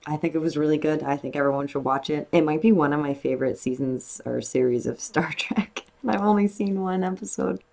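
A young woman hosting a reaction video, gushing excitedly in a casual review full of fillers. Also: low voice, fairly quick, vocal fry, hardly any pauses.

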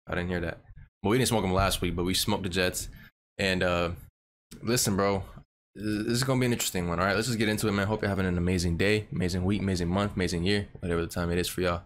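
A young man hosting his channel, reacting to football highlights in a casual, rambling way, swearing often and calling everyone bro. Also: fairly even intonation, fast talker, a little hiss or hum. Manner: slangy and profane, says bro constantly; rambling with frequent restarts. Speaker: reaction video host.

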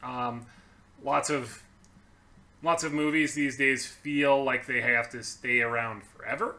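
A young man from Canada co-hosts a casual podcast, speaking earnestly. His voice is strikingly bright and sharp, at a middle pitch for a man. He restarts and repeats words as he works through his thoughts. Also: fairly even intonation, a little slow. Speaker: podcast co-host. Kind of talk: casual chat.

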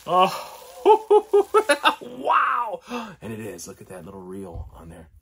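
A middle-aged man talking casually through an unboxing, excitable and often dropping to delighted whispers and gasps. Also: high voice, slow pace, creaky. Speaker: collector vlogger.

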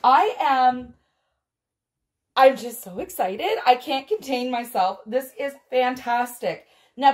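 A fairly high-pitched woman host speaking at an unhurried pace. She gushes over each toy she unboxes, gasping and exclaiming as she talks straight to her viewers. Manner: gushing, excitable, frequent gasps and exclamations. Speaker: doll collector vlogger.

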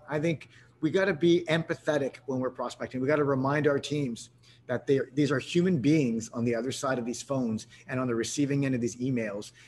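A man's voice: mid-range voice, slight background noise. A man from Canada hosting a live sales webinar, talking energetically with lots of restarts and fillers. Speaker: webinar host.

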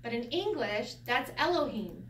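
Unhurried and fairly high-pitched, a woman gives a relaxed Bible Hebrew class, laughing often and quizzing listeners with rhetorical questions. The recording sounds distant and roomy, with faint hiss underneath.

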